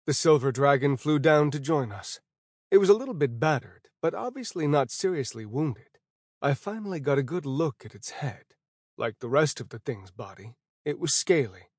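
A man narrating a first-person fantasy audiobook in a steady, even storytelling voice. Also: a little high, normal speed, dry recording, clean studio sound.

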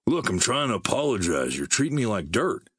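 A man's voice: lowish voice, big pitch swings, brisk, breathy edge, no room sound, studio quality. Man doing a mild, sheepish young drifter. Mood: subdued. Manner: mild, defensive, subdued. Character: hopeful, sheepish young male wasteland drifter.

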